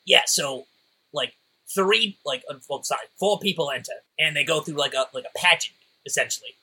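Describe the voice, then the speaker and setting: A man's voice: on the high side, moderate pace, pushed and bright, husky, full character voice. A man voicing a rambling, laid-back male goblin clerk in a tabletop game, full of fillers.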